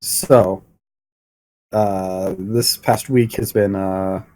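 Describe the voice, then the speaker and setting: A man's voice: sits low, fairly even intonation, very slow, mellow. A man with a cold and a stuffy nose, chatting in a laid-back, joking way on a podcast. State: congested with a cold. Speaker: podcast co-host. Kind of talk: casual chat.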